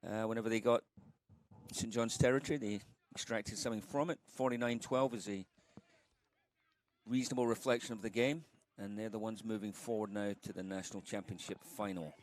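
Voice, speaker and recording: A man giving color commentary on a rugby match, summing up the game in a measured, reflective way. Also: fairly low pitch, steady tone. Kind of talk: sports broadcast analysis.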